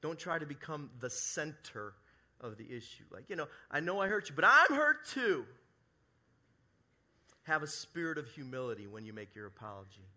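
Male pastor at a church service, bright and forceful voice, animated delivery that drops to hushed asides. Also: medium pitch. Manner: animated, shifts between loud emphasis and soft hushed asides; acts out quoted apologies in his own voice. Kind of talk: sermon.

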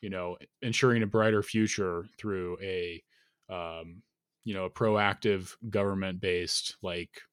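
Low-voiced man explaining in casual chat. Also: steady tone, unhurried, a bit bright, clean tone, no echo, clean studio sound. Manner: argumentative, explaining, lots of "like" and "you know".

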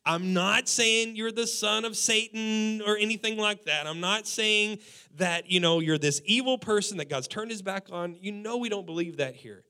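A man in his forties, a pastor, preaching a sermon in an animated way, acting out quotes and laughing along with his own points. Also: high-pitched. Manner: animated preaching, quoting people in acted voices, laughing.

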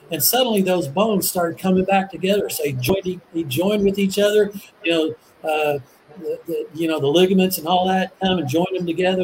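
A man explaining Bible prophecy in a relaxed conversation, earnest and enthusiastic, often restarting and repeating words. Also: sits high, a little hiss or hum, poor audio. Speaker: Bible teacher. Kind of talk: casual religious discussion.

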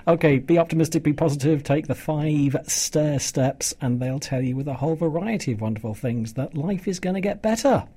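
A man's voice: on the high side, animated, a little fast, hardly any pauses, warm tone, breathy edge. A man presenting a live radio show, chatting and joking with guests in the studio. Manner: chatty, jokey, rambling.

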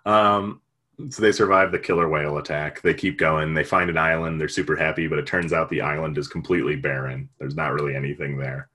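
A man's voice: very deep voice, steady tone, brisk, pushed and bright. A man retelling a story in casual chat, rambling and jokey, with lots of fillers.

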